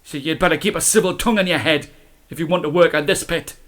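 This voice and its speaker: A man's voice: a little high, quick pace, fairly bright tone, natural voice. A man doing a stern mine deputy. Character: stern middle-aged male mine deputy, father.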